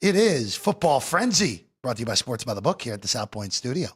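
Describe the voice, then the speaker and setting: A man's voice: mid-range voice, very animated, fairly quick, slight background noise. A man hosting a sports betting talk show from a studio, chatty and joking with guests, heavy on fillers. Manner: chatty, fillers, jokey banter.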